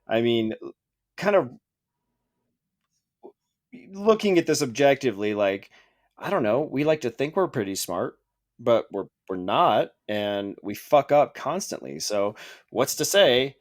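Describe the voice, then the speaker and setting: A man co-hosting a podcast in casual chat, joking, swearing freely and thinking out loud. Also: medium pitch, sing-song, a little slow. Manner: joking, profane, thinking aloud. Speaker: podcast co-host.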